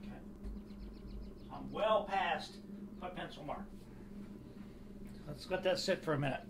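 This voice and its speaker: Talking at a measured pace in a slightly high voice, this man walks through his model railroad build at home near the kitchen table. It's casual how-to narration full of filler words and thinking aloud, captured on a phone camera, sometimes tripod-mounted, with roomy, distant sound and clear noise.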